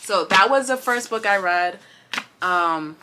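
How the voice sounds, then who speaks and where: A woman chatting to camera about books she read, rambling with many fillers and restarts, passionate and expressive. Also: medium pitch, slow, a little hiss or hum. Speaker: booktuber. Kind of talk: casual chat to camera.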